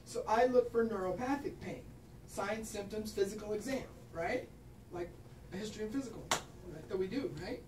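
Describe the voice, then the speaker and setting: A woman's voice: medium pitch, normal speed, a little mellow, a little hiss or hum. A woman physician giving a casual, frank talk on pain care to clinicians, often tagging points with "right?". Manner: casual, frank, swears, tags lines with "right?". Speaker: physician lecturer. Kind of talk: informal medical talk to clinicians. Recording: echoey room from far off.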